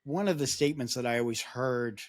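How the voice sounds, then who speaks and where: A man's voice: medium pitch, brisk. A man speaking as a podcast guest, explaining his points at length in a conversational, storytelling way. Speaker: podcast guest, security awareness advocate. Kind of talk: podcast interview.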